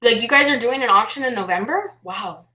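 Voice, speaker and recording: A young woman chatting loudly and animatedly on a casual live stream, talking about her life as an online reseller. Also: fairly high pitch, lively intonation, fairly quick. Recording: echoey room.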